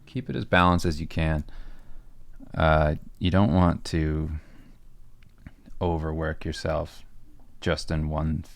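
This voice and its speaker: Very deep, gravelly-voiced man chatting casually. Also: slow pace, pauses often, dry recording. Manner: relaxed, rambling with many fillers. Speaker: comic artist and podcast co-host. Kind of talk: casual livestream chat answering viewer questions.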